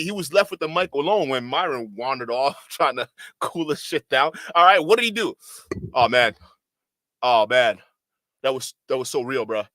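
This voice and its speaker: Bright-voiced man ranting casually. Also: fairly high pitch, no room sound. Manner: rambling, profane, keeps asking "okay?". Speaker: commentary channel host. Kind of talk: casual commentary.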